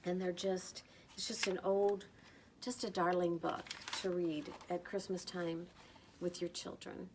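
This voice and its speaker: A middle-aged woman talking casually about books she loves, gentle and enthusiastic, lingering over her words. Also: on the low side, flat delivery, measured pace, background noise. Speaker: book vlogger. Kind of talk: casual recommendation talk.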